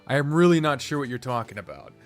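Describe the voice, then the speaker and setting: While playing a strategy game on stream, a very animated man talks fast in a mid-range voice, rambling across subjects and cursing freely in casual live commentary. Faint music can be heard in the background.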